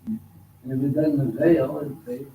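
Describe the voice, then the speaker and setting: A man teaching an informal religious study class at a mosque, talking slowly and conversationally and repeating words for emphasis. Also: fairly high pitch, warm tone. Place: mosque hall. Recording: echoey hall, distant mic, faint noise.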